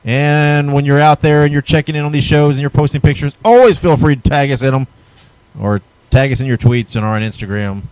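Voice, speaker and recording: A man's voice: fairly high pitch, fairly quick, darkish tone, smooth, dry recording, rough recording. A man hosting a wrestling podcast, chatting casually and reading out plugs for upcoming shows. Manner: easygoing, chatty, reads show plugs. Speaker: podcast host.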